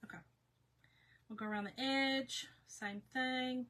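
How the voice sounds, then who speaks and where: A woman hosting a casual live painting chat, reading out viewer comments in a folksy way, her voice going hoarse. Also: high voice, fairly even intonation, takes it slowly, a bit bright. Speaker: crafting livestream host.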